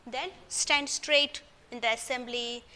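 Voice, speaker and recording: A woman's voice: fairly high pitch, steady tone, takes it slowly, pushed and bright. A woman with an Indian English accent, a school teacher patiently explaining a poem to children and often checking in with "right?". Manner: patient, addresses children directly with frequent "right?".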